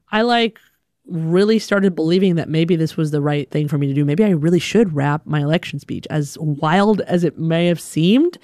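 Animated woman telling a personal story. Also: low-pitched, no echo, studio quality. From Alabama, USA. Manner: animated, conversational, self-deprecating. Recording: music playing underneath.

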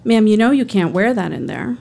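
A woman voicing a kind older female visitor, gentle and reassuring. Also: mid-range voice, sing-song, brisk, gravelly.

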